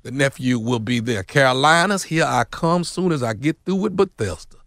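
Bright, lively man plugging shows. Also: mid-range voice, moderate pace, no echo, clean studio sound. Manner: comic, preachy, call-and-response. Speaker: radio show regular. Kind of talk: casual radio banter, show plugs.

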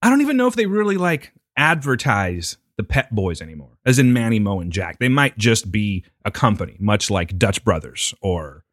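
Give me a chatty male co-host with a swooping, animated delivery. He jokes around and mimics other people's voices with a sardonic edge. The sound is dry and close to the mic. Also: lowish voice, moderate pace, hardly any pauses, no echo. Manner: animated, puts on voices in mocking impressions. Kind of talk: casual banter.

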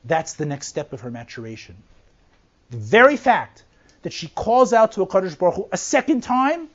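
A woman teaching a verse-by-verse Bible lesson. She reads Hebrew verses slowly, explains them in plain English and leads with rhetorical questions. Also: mid-range voice. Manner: asks rhetorical questions to lead the listener. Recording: slightly muffled lo-fi recording.

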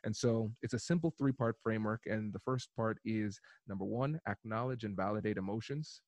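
A man in his thirties, a guest on a podcast interview, calmly and methodically explaining a conflict resolution framework. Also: on the low side, a little fast, no echo. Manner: calm, methodical explaining with acted-out example dialogues.

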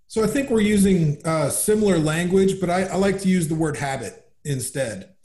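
A man's voice: high voice, moderate pace. Upbeat man in a roomy echo. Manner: upbeat, animated storyteller. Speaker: guest, business founder. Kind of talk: conversational storytelling.

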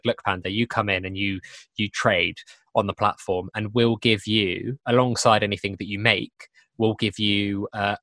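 Young guy hosting a podcast, lowish voice, keeps restarting his sentences, dry sound. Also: fairly bright tone, no room sound. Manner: swearing, self-interrupting, repeats himself. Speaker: podcast host. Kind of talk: casual chat over a video call.

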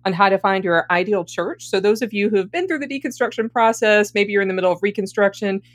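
A woman's voice: mid-range voice, expressive, fast. A woman with a Southern US accent co-hosts a podcast in an upbeat, friendly way. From Deep South, US. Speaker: podcast co-host, author.

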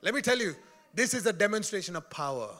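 A man preaching a sermon in an animated, joking way, often laughing and calling out to his congregation. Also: sits high, fast.

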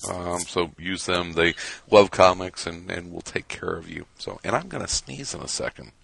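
A man's voice: low voice, normal speed, creaky, fairly bright tone, breathy edge, no echo. A man from Chicago co-hosting a podcast, chatting casually in a rambling way with many restarts. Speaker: podcast co-host. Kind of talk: casual chat.

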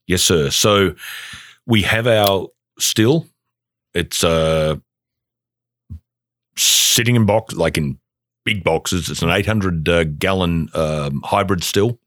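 Deep-voiced rambling enthusiastic man. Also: slow, long pauses, fairly bright tone, dry recording. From Australia. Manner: enthusiastic, rambling with many fillers. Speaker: guest, bourbon company founder. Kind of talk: casual podcast chat.

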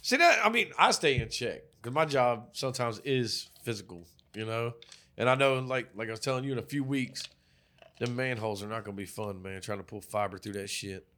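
A man co-hosting a podcast, telling stories in a loud, profane, animated way. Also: medium pitch, brisk. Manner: animated, profane storytelling with acted-out quotes. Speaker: podcast co-host. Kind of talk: casual chat.

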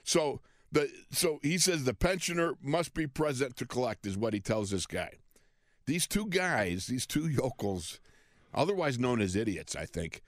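A man telling a story in animated chat, excitable, often laughing and repeating himself. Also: medium pitch, a little slow, no room sound, studio quality.

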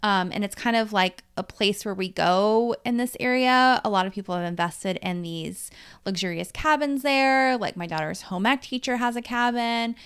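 Brief: woman in her 40s, from Dallas-Fort Worth, solo podcast host, candid and chatty, smooth clear voice at a middle pitch. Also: a bit bright. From Dallas-Fort Worth, Texas. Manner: chatty, candid, swearing freely, quickening and slowing as she tells a story. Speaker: life coach and podcast host. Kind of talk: casual solo podcast monologue.

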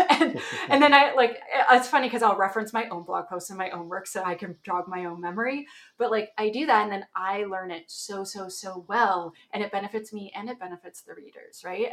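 A woman from Canada, a podcast guest chatting casually and telling animated stories with lots of fillers. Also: mid-range voice. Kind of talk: casual chat.

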